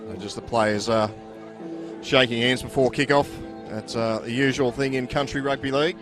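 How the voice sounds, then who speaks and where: An Australian man commentating live at a local football ground, chatty and relaxed with many fillers. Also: mid-range voice, normal speed, music in the background. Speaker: sports commentator.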